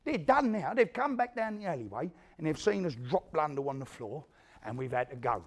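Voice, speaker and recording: A hard London gangster, played by a man on stage, tells his war story in a coarse, swearing voice. He pitches a little higher than most men, and his voice swings widely up and down as he re-enacts every blow. He is spiteful and unrepentant. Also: sing-song, a little fast. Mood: grim boasting. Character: hard, spiteful male London gangster recounting a brutal feud. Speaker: actor performing a stage monologue. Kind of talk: theatrical storytelling monologue.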